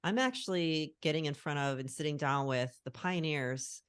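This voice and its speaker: Middle-aged woman, strikingly low voice, dry close sound, earnest and reflective call guest. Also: normal speed, clear, resonant tone, no room sound. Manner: earnest, reflective, searching for words. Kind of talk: casual conversation on a call. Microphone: call recording.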